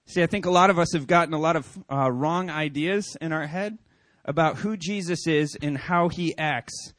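High-voiced animated male pastor. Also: moderate pace, no room sound. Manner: animated storyteller, acts out quoted voices. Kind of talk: sermon.

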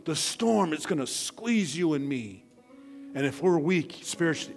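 A man preaching a sermon as pastor, swinging from loud bursts to hushed near-whispers and repeating key phrases for emphasis. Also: a little high, lively intonation, unhurried, gravelly, faint music behind.

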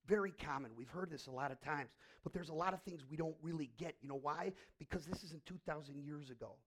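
A man's voice: on the high side, fairly quick, hardly any pauses, fairly bright tone, breathy edge. A middle-aged man preaching a sermon as pastor, telling a story emphatically and asking rhetorical questions.

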